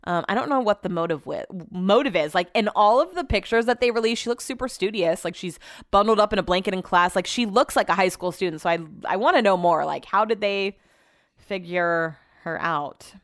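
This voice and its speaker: A woman's voice: medium pitch, fairly quick, dry recording, clean studio sound. A woman hosting a podcast from her home office, chatting casually about news and her day, swearing now and then and tripping over her words. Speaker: podcast host. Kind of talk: casual news chat and personal update. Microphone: podcast microphone in home office.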